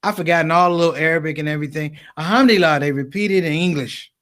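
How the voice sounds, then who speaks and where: A man's voice: fairly high pitch, fast talker. A man telling funny personal stories in a stand-up set at a conference, acting out the dialogue with lots of repetition. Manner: animated storytelling, acting out dialogue, repeated phrases. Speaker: comedian.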